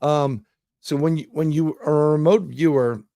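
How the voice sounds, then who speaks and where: Gravelly New man telling stories. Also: a little high, steady tone, moderate pace, mellow, dry recording, clean studio sound. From New York City. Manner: rambling anecdotes with many fillers and restarts. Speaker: guest, remote viewer. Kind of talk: casual interview storytelling.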